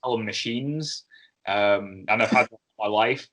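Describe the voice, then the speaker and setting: Chatty low-voiced man interviewing a guest. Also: fairly even intonation, normal speed, fairly bright tone. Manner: chatty, friendly, long setups to questions. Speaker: podcast host and interviewer. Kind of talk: casual interview chat.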